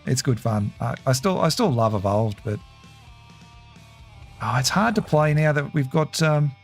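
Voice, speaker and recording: A man's voice: mid-range voice, expressive, unhurried, breathy edge, faint music behind. A man casually commentating a game live, chatty and laughing easily while reading his chat. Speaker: game streamer.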